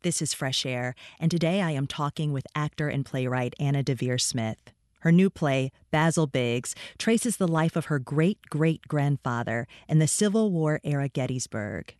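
A woman hosting a public radio interview, speaking in a measured, calm way. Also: deep voice, no echo, clean studio sound.

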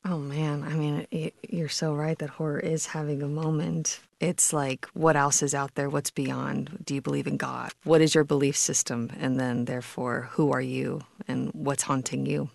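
A woman stage actor answering interview questions in a soft, earnest, reflective way. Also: low-pitched, little pitch movement, normal speed, gravelly, few pauses, no echo.

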